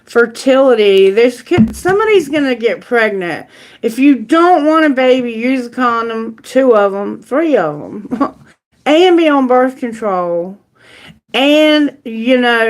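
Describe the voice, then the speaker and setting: A woman's voice: fairly high pitch, poor audio. Chatty, frank woman reading tarot. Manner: chatty, animated, frank and jokey. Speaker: tarot reader. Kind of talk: live-streamed tarot reading.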